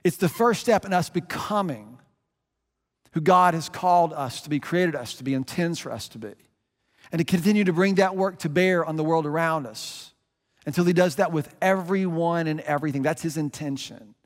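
A man's voice: a little high, moderate pace, in a large hall. A middle-aged man preaching a sermon as a pastor, earnest and conversational, often restarting his phrases.

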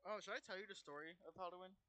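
A teenage boy with a high-pitched, rapid-fire, bright voice and a forceful tone hosts a podcast. He tells rambling, profane stories in casual chat, acting out the voices of the people in them.

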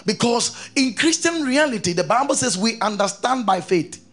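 A man preaching a sermon, reading scripture aloud and keeping on questioning his congregation in an animated way. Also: very high voice, normal speed. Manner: reads scripture aloud between explanations.

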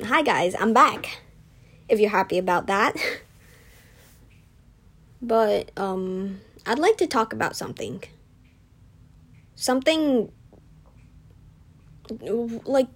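A teenage girl chatting casually in a self-deprecating, rambling storytime vlog, venting with indignation. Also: mid-range voice. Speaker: vlogger.

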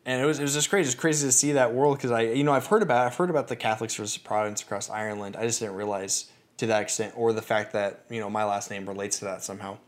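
A man hosting a podcast, telling personal stories in a chatty, animated way. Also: fairly low pitch, quick pace, hardly any pauses. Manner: chatty, animated, many fillers and restarts. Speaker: podcast host. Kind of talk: casual storytelling.

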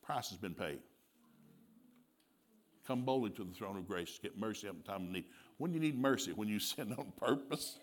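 A male preacher giving a sermon with animated storytelling, laughing often and acting out dialogue. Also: on the low side, moderate pace.

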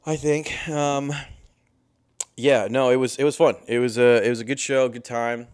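A man's voice: medium pitch, fairly even intonation, normal speed, a little mellow, clean tone. Tired young comedian guy on a podcast, crude jokes, regular mid voice. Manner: crude, joking, drifts into voices. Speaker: podcast co-host. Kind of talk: casual chat.

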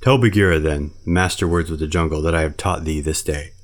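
A man's voice: a bass voice, fairly quick. A man reading a storybook who voices an old brown bear, a stern but tender teacher who lectures solemnly. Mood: coaxing.

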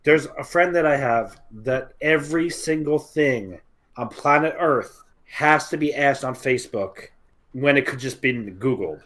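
A man's voice: medium pitch, unhurried, fairly bright tone. A man co-hosting a podcast, trading dry sarcastic banter in casual comedic chat. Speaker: podcast co-host.

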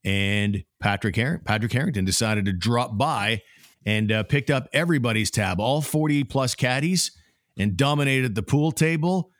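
A man's voice: mid-range voice, moderate pace, no echo, clean studio sound. A man hosting a casual sports podcast, talking in an easygoing way with many fillers. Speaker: podcast host.

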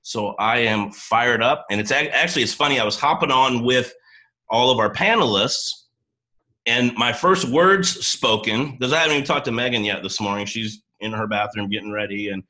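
A man hosting a coaching boot camp call, talking in an energetic, rambling, excitable way with an early-morning voice. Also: mid-range voice, moderate pace, rough recording. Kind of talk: upbeat livestream talk to a team.

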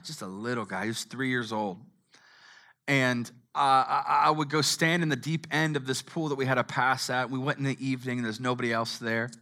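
A middle-aged man preaching a sermon. He swings from hushed tones to shouting. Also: medium pitch. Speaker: pastor.

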